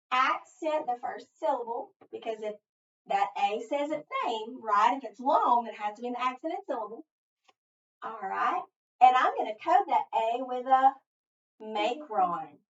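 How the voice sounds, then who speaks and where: A woman teaching a phonics lesson, patiently asking questions and answering them herself. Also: fairly high pitch. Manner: slow, patient, asks and answers her own questions. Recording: distant, echoey, dull room sound.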